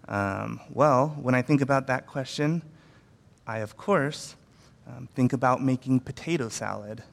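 Male pastor, mid-pitched, chatty sermon delivery with lots of um's, long room reverb. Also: measured pace, vocal fry. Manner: conversational, with frequent fillers and acted-out quotes.

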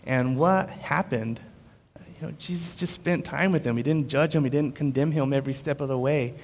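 A man preaching a sermon in a relaxed, conversational storytelling way, with frequent fillers. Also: on the high side, moderate pace, big-room sound.

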